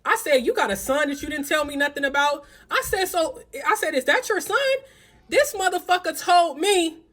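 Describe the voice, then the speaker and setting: Profane, animated young woman telling a story. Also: sits high. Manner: blunt, profane, animated retelling with quoted dialogue. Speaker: storytelling vlogger. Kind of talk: casual storytime.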